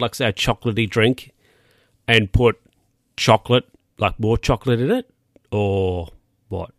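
A man hosts a casual solo podcast, rambling, correcting himself, and throwing in chatty asides. His fairly low voice comes through a podcast mic in a dry, studio-quality recording.

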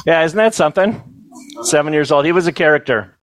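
A middle-aged man telling funny stories at a banquet, in a folksy, self-amused way with quick asides to the crowd. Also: fairly high pitch, fairly bright tone, no echo, low-quality recording. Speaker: banquet storyteller and comedian. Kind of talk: humorous storytelling to a live audience.

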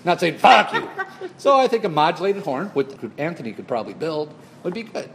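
A man with a high, very lively voice, bouncing up and down as he tells a funny driving story. He acts out exclamations with gusto, and faint noise sits under the recording. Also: fast talker. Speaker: person pitching an idea to a group. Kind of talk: casual comedic storytelling.

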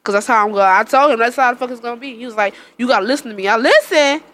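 A woman's voice: on the high side, rapid-fire, fairly bright tone. A young woman in casual chat, telling stories bluntly with plenty of swearing and laughter. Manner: blunt, profane storytelling with frequent laughter.

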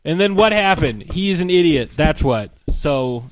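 A man's voice: fairly high pitch, expressive, a little slow, no echo. A man co-hosting a podcast, ranting in a casual, irreverent and profane way. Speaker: podcast co-host.

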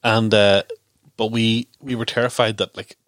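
A man's voice: fairly low pitch, flat delivery, normal speed, fairly bright tone, dry recording, clean studio sound. A man co-hosting a podcast in casual chat, thoughtful and a little rambling. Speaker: podcast co-host.

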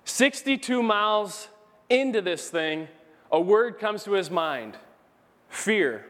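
A man preaching a sermon as pastor, telling a story with animated, emphatic rises. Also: sits high, takes it slowly. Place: church sanctuary. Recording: church hall with long reverb.

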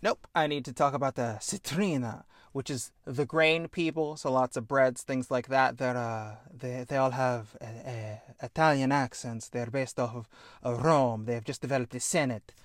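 A male podcast host with a steady, mid-range voice explains things at length at normal speed, rambling enthusiastically and casually while often correcting himself mid-sentence. The sound is clean studio audio with no room sound.

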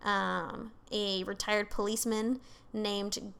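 Slow-paced and gravelly yet smooth, her mid-range voice is a bit bright and shows little pitch movement. She co-hosts a podcast via remote call, telling a case in a casual, rambling way full of fillers and asides, swearing now and then.

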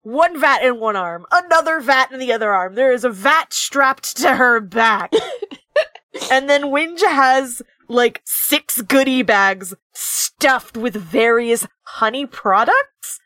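A woman player at a tabletop game, laughing often as she describes her character's actions. Her voice sits a little high and unhurried, recorded close and dry. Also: no echo. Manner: giggly, animated.

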